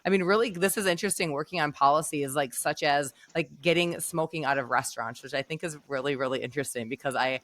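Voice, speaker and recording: A woman co-hosting a podcast, hoarse and raspy after laryngitis, chatting casually with her guest. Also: low-pitched, fairly bright tone, no room sound. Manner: chatty, quick, with fillers and restarts. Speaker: podcast co-host. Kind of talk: casual interview chat.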